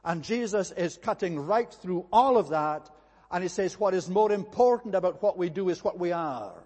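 A man preaching a sermon in an earnest, measured way, with an occasional slip or restart. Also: high-pitched, animated, a little mellow, long reverb tail.

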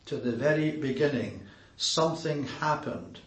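A man preaching an expository sermon in a deliberate way, pausing often with filler sounds. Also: medium pitch, animated. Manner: deliberate, with frequent "uh" pauses. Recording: roomy echo.

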